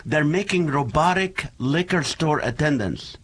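A middle-aged man from the Middle East telling funny stories in a casual, animated chat as a guest. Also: fairly high pitch, unhurried, a little hiss or hum. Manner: animated storytelling with jokes.

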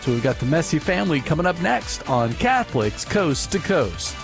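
A male radio host with a slightly high voice reading a scripted segment wrap-up. His delivery is polished and upbeat, and a soft music bed plays underneath. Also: big pitch swings, moderate pace, vocal fry. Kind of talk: scripted show announcement.

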